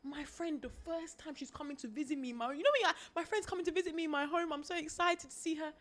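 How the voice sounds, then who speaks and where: Young woman, podcast co-host, bright voice, fairly high, animated storyteller. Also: quick pace. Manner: animated, laughing, mimics voices in stories. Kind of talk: casual storytelling chat. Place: podcast studio.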